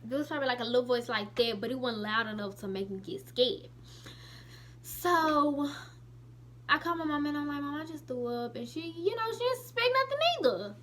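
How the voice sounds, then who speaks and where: Teen girl vlogging, chatty and animated, slightly high voice, faint hum behind. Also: fairly quick. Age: late teens. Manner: chatty, animated retelling with lots of "I was like". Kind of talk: casual storytelling to camera.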